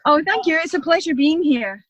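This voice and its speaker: Guest: high, bubbly Scottish woman, dry close sound. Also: lively intonation, a little fast, fairly bright tone, no room sound, dull audio. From Scotland. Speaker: guest baker. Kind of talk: casual podcast chat.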